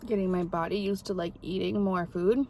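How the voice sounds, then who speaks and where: A woman's voice: fairly low pitch, fairly even intonation, moderate pace, dark tone. Young woman rambling away mid-meal, casual vlog chat, bit of background hiss. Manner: chatty and rambling, talks while eating. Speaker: mukbang vlogger. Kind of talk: casual eating chat to camera.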